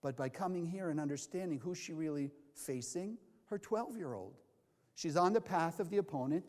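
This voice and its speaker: A man's voice: high voice, a little mellow. A man from California teaching a Kabbalah class, asking the audience questions and answering them himself. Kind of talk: lecture to a live class. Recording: long hall reverb.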